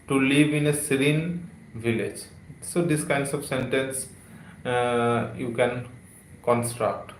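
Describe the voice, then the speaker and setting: A man teaching English words on a live stream, talking slowly with many fillers and repeated phrases. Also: medium pitch, reverberant, a little hiss or hum, low-quality recording. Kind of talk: live-streamed vocabulary lesson.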